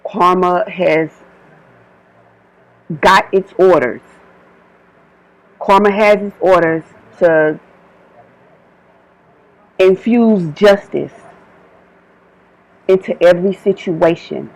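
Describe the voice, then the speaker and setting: A woman's voice: lowish voice, drawn-out words, pauses often, low-quality recording. Emphatic woman repeating stern warnings. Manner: emphatic and repetitive, restating warnings over and over; switches between own words and quoting a divine voice. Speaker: spiritual reader channeling messages. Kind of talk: informal channeled spiritual message.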